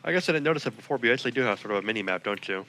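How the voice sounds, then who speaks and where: A man's voice: medium pitch, expressive, rapid-fire, bright, forceful tone, a little hiss or hum. A young man co-hosting a let's play, making easygoing, teasing remarks about the game. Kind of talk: casual gameplay commentary.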